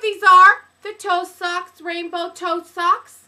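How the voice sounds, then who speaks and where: A woman gushing excitedly as she unboxes and shows off a product on video, breaking into exclamations and sing-song bits. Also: extremely high pitch, slow pace. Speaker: video reviewer.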